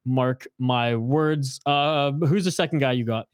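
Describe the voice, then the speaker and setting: A young man co-hosting a casual hockey chat, blunt and excitable, swearing now and then. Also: medium pitch, a little slow, no room sound, studio quality. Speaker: hockey podcast co-host.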